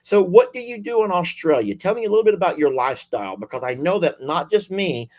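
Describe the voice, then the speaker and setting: A man hosting a livestream, chatting warmly with callers in a folksy, effusive way. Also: sits high, expressive, quick pace. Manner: folksy, effusive, lots of y'all and sweetie. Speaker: livestream host. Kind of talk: casual chat with callers.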